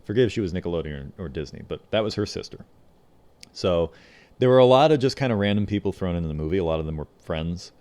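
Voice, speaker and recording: A man's voice: low-pitched, animated, fast, darkish tone. A man co-hosting a podcast, casually retelling behind-the-scenes anecdotes about a film, slipping into quoted voices. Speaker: podcast co-host. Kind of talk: casual chat.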